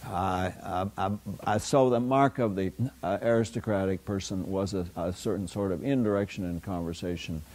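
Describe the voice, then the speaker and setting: An older man lectures a university class, a somewhat low voice. He rambles through anecdotes, stopping often for fillers and starting sentences over. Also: fairly even intonation, normal speed, few pauses, darkish tone. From United States. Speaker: philosophy lecturer. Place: lecture hall.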